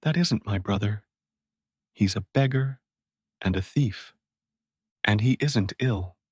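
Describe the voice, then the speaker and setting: A man's voice: on the low side, slow pace, darkish tone, husky, no room sound, clean studio sound. A man reading a storybook and voicing a proud young boy who insists that he is the king. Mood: indignant.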